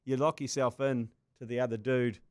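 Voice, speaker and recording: A man's voice: medium pitch, fairly even intonation, normal speed, darkish tone, clear, resonant tone, no room sound, clean studio sound. A man with a New Zealand accent co-hosting a casual podcast, trading crude jokes and laughing often. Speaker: podcast co-host.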